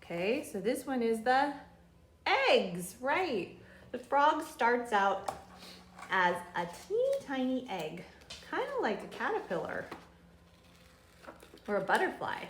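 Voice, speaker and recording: A preschool teacher, a woman, talks slowly and gently to little children in a sing-song way. Her voice rings in a roomy space, with a faint hum of room noise behind her. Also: fairly high pitch, big pitch swings. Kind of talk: craft and song lesson for young children.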